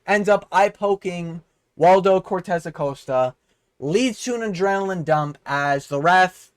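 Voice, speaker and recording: A man's voice: sits high, smooth, dry recording, clean studio sound. A man vlogging a casual fight breakdown, rambling, sarcastic and swearing freely. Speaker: MMA commentator vlogger.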